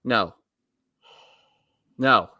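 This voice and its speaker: A man's voice: drawn-out words, sharp tone, no echo. A man in his forties with a New York accent, co-hosting a casual theme park podcast and telling rambling stories that he keeps correcting mid-sentence. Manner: rambling, self-correcting storyteller. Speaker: podcast co-host. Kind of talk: casual chat.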